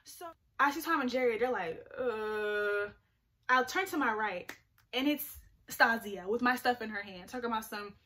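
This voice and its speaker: A young woman vlogger telling a story in an animated, chatty way, full of "like" fillers. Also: fairly high pitch, normal speed. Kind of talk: storytime vlog.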